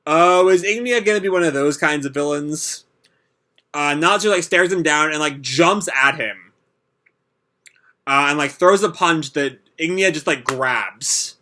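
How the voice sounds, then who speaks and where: A man's voice: on the high side, moderate pace, bright, forceful tone. A man hosting a manga reaction video, reading the chapter aloud and commenting in a rambling way, full of fillers.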